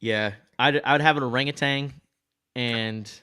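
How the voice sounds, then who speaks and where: A man co-hosting a podcast, talking in a quick, animated, joking way. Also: mid-range voice, clear, resonant tone. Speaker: podcast co-host. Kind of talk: casual chat.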